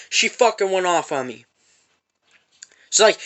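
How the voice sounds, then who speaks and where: A man's voice: sits high, moderate pace, long pauses, fairly bright tone. A man telling an angry, profane story about a confrontation in a parking lot, repeating himself as he goes. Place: parked van.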